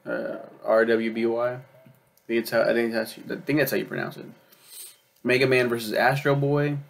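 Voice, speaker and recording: A man's voice: mid-range voice, flat delivery, normal speed, creaky. A young man chatting casually as he reviews a show, rambling with lots of ums and uhs and swearing freely. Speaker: video reviewer. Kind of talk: casual chat.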